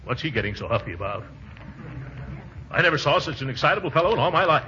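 A blustery pompous uncle. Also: male voice, very animated, fast talker, bright, forceful tone, a little hiss or hum. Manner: bombastic, flustered, booming outbursts. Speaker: uncle and employer. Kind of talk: 1940s radio comedy acting. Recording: muffled old radio broadcast.

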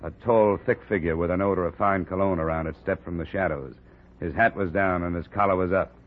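Deep guy doing hard-boiled detective narration, old radio drama, thin tinny sound. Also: fairly even intonation, brisk. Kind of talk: 1950s radio drama acting.

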